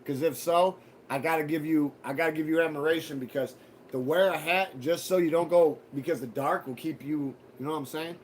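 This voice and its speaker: A male streamer rambles and swears as he chats casually with his viewers, swinging between easy talk and mock threats. His voice sits a little high for a man and moves a little fast, with a faint hiss under the recording.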